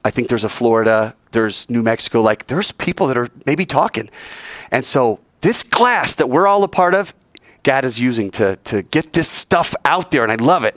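In a sermon-style informal Bible class, a man with a mid-range voice brings stories to life by acting out the quoted voices. The recording is clean studio sound without echo.

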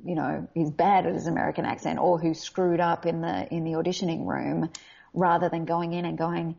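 Australian woman, low-pitched, gravelly, husky, candid interview talk, dull lo-fi sound. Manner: candid, animated, quick to laugh. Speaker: voice actor guest. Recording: dull lo-fi audio.

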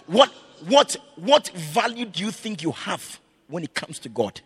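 A man preaching a sermon as pastor, swinging between loud shouted lines and quiet, low storytelling. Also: very animated, a little slow, husky, soft background music.

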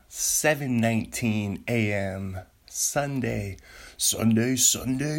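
Slow-talking excitable man hosting a podcast. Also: on the low side. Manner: rambling, excitable, jokey. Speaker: podcast host. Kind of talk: solo podcast chat. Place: home studio.

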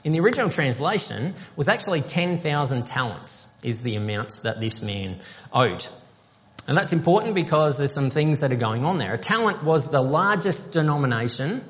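Male pastor, conversational sermon; slightly high voice, long hall reverb. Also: big pitch swings, moderate pace, fairly bright tone, lo-fi sound. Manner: conversational, explanatory preaching with rhetorical questions.

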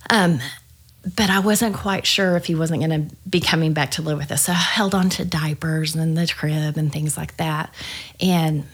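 Lively storytelling woman pastor, low voice. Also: normal speed, slightly rough. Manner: lively storyteller, acts out dialogue. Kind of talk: podcast conversation, personal storytelling.

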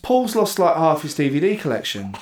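Animated guy on a chatty podcast, higher voice, playful and a bit sweary. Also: fairly quick. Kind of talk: casual chat.

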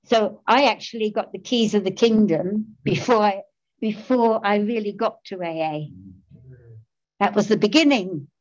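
A woman's voice: medium pitch, a little slow, a little mellow, muffled recording. An older woman, giving a personal testimony about her recovery, self-mocking, emotional and often laughing. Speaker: recovery speaker.

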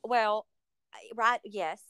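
A woman's voice: fairly high pitch, slow pace, a bit bright, clean tone, dry recording. Gushing woman host, dry sound. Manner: enthusiastic, gushing. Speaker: podcast host. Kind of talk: casual interview.

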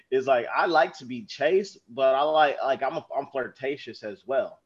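A man from California, a podcast guest, talking in a playful, animated and sarcastic way in casual chat. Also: mid-range voice, moderate pace, breathy edge, dull audio.

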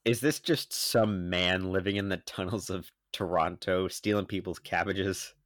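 A young man co-hosting a podcast, teasing his partner with sarcastic deadpan jokes. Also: deep voice, a little slow, no room sound. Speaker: podcast co-host. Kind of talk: casual chat.

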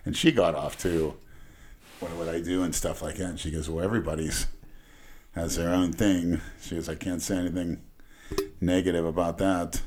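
A man's voice: low voice, level tone, moderate pace, darkish tone. A middle-aged man in casual chat, telling rambling, crude stories and laughing along. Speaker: guest. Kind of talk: casual storytelling.

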